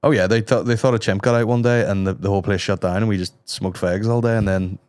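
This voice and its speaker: A man's voice: on the low side, steady tone, fast talker, darkish tone, clean tone, no echo. A man with a Northern Irish accent telling jokey stories and swearing freely in casual podcast chat.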